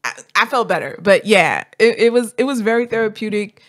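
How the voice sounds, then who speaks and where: Animated woman podcast host, dry sound. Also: mid-range voice, fairly quick, no room sound. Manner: animated storyteller, acts out quoted voices. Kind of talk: casual chat.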